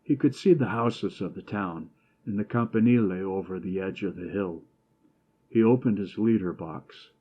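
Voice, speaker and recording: A man narrating an audiobook in a measured, even storytelling manner. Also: fairly low pitch, breathy edge, muffled recording. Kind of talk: scripted narration.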